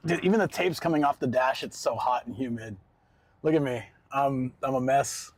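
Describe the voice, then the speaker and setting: A man's voice: mid-range voice, moderate pace, a little hiss or hum. A man chatting casually on a live stream, telling rambling stories and laughing often. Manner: laid-back, rambling storyteller, laughs often. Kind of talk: casual live-stream chat while out and about.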